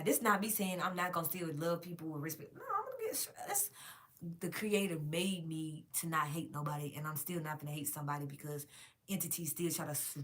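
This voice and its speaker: A woman's voice: deep voice, a bit bright. A woman vlogging to her viewers in a casual, emphatic and profane rant, calling them y'all.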